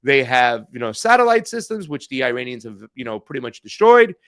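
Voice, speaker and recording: A man's voice: mid-range voice, big pitch swings, a little fast, fairly bright tone. A man co-hosting a political news podcast, talking heatedly in casual chat, swearing and restarting his sentences. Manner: heated, profane, frequent restarts. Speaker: podcast co-host.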